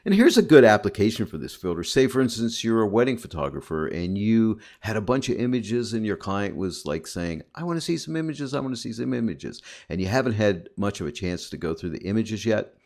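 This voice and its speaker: Upbeat deep-voiced male tutorial host. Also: expressive, fairly quick, hardly any pauses, a little mellow. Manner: upbeat, chatty, addresses viewers as guys. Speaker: photo editing instructor. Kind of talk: screen-recorded software tutorial.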